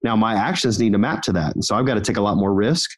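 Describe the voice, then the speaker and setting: A man with a fairly low voice speaks as a podcast guest. He talks in a relaxed, conversational way and tells his stories with energy, building to motivational points. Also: fast talker, husky. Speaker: guest, company founder.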